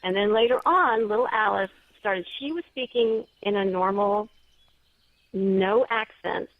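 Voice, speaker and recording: A woman guest author telling a story in a casual, animated way during an interview, often acting out what others said. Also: medium pitch, a little slow, no echo. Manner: chatty, animated storyteller with quoted voices. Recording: dull, lo-fi audio.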